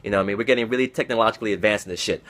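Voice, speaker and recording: A young man hosting a casual fantasy football league recap, profane and excitable, teasing his friends and repeating phrases for emphasis, talking indoors to camera. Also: fairly low pitch, racing.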